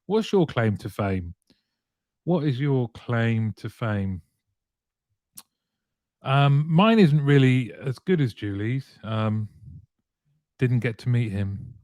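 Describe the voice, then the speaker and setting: A man's voice: mid-range voice, lively intonation, slow pace, long pauses, a little mellow, no echo, clean studio sound. A man hosting a weekly live show, chatting and greeting viewers one by one by name.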